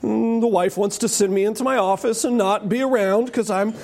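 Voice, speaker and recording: A man preaching a sermon with animated delivery and joking asides. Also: sits high, fairly quick, creaky.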